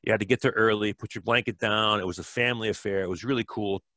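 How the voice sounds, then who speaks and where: A middle-aged bike fitter from Wisconsin, USA, guests on a podcast, telling stories casually and ramblingly with many fillers and restarts. His voice is on the low side, steady, quick, bright and forceful, with no echo.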